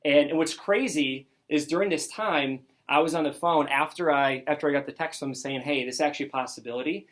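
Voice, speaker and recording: Speaking a little quickly and barely pausing, a young district sales manager rallies his team with a motivational story. His voice runs somewhat high for a man, and he eagerly performs every person's dialogue as the tale unfolds.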